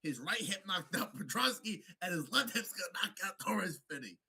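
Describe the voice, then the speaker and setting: A man co-hosting a podcast, chatting about fights in an animated, profane way and slipping into mock voices. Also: sits high, moderate pace, gravelly, husky. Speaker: podcast co-host. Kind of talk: casual sports banter.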